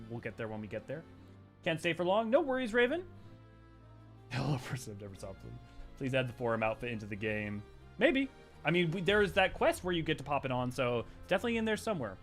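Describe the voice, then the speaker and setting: A young man hosting a casual livestream, rattling off viewer greetings and chatting excitedly. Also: fairly high pitch. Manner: greets chat viewers rapidly by name; animated, excited, with laughs. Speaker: livestream host.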